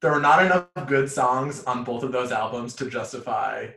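A man's voice: medium pitch, normal speed, creaky, pushed and bright. A man co-hosting a casual podcast, joking wryly and laughing often. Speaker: podcast co-host. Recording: roomy echo.

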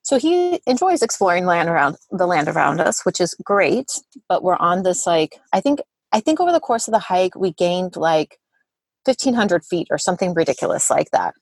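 A woman's voice: lowish voice, big pitch swings, moderate pace, husky, no room sound. A woman in her thirties, a therapist and mother, telling a story in a casual interview, chatty and full of "like" fillers. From Southern California. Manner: chatty, many "like" fillers, acts out quotes. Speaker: guest therapist and parent.

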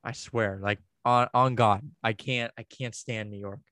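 A man's voice: lowish voice, steady tone, unhurried, pushed and bright, no echo. A man co-hosting a podcast in casual banter, ranting and joking with a lot of swearing. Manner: crude, joking rants with frequent swearing. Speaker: podcast co-host.

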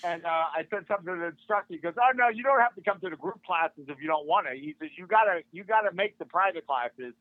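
An older man with a notably high voice tells a story in a lively, casual way, slipping into the voices of the people he quotes. He is a martial arts instructor appearing as a podcast guest. He comes through a thin, phone-like line with no room sound at all. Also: quick pace, few pauses, no echo. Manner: animated, acts out quoted dialogue. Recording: tinny phone-like line, dry.

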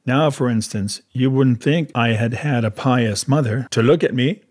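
Brief: a man playing an excitable, rambling old marooned sailor in an audiobook, rustic talk, raised pitch and volume. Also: normal speed, lightly acted. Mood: eager. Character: half-crazed marooned old male castaway, excitable and rambling. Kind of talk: audiobook character voice.

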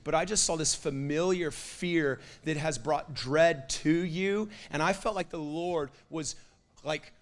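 A young man with a high, bright voice delivers a sermon at an unhurried pace, talking loosely and conversationally with lots of "like" and restarts. As he works himself up, he grows impassioned and builds into loud, fervent prophetic declarations.

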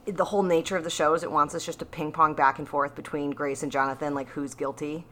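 A woman with a low voice talks through a TV episode in a loose, casual podcast chat. She stays animated and laughs often between quick asides. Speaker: podcast co-host.

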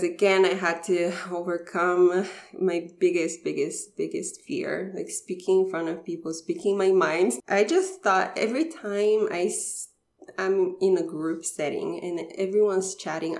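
A woman in her thirties from Bulgaria with a Bulgarian accent, a podcast guest telling her story in a chatty way, full of fillers and soft laughs. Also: lowish voice. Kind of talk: casual personal storytelling. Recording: roomy echo.

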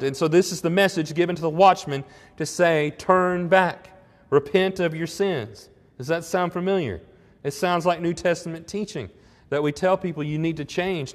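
A man's voice: on the high side, big-room sound. A man preaching a sermon in an earnest, conversational way, rising into emphatic swells on key points. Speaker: pastor.

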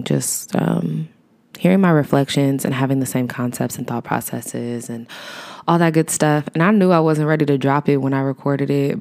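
A woman's voice: extremely low pitch, a little mellow. A woman hosting her own podcast, talking in a rambling, reflective, casual way with chatty asides. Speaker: podcast host. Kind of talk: casual solo podcast monologue.

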